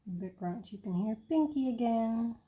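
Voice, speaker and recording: A woman's voice: fairly high pitch, very noisy. A woman hosting a coloring video, talking casually and thinking aloud as she works. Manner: relaxed, unhurried, thinking aloud.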